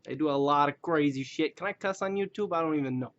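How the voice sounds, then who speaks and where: An action figure collector rambles casually through a webcam toy review, self-deprecating and slipping into joke voices. He talks fast in a high, fairly bright voice, and the recording is dull and lo-fi.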